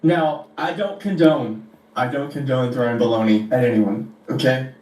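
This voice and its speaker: A man's voice: medium pitch, moderate pace, darkish tone. A man giving casual reaction commentary to a video, amused and earnest as he speaks to his viewers. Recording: roomy, distant mic with faint noise.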